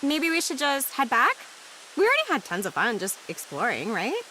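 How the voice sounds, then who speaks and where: A woman's voice: high-pitched, huge pitch swings, normal speed, pushed and bright, a little hiss or hum, full character voice, low-quality recording. An actress voicing a friendly young woman on a road trip in a video game, cheerful in manner. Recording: game audio under music.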